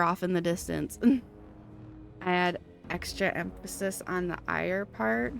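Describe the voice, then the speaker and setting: A woman's voice: fairly low pitch, slow, gravelly, a bit bright, soft background music. A woman with a Minnesotan accent chatting casually on a live stream, musing and self-deprecating.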